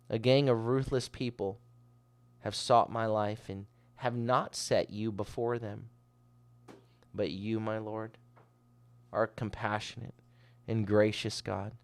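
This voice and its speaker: Earnest man preaching a devotional. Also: on the low side. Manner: earnest, swells loud on key phrases then drops soft; reads scripture aloud with running comments. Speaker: rabbi. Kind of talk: devotional sermon.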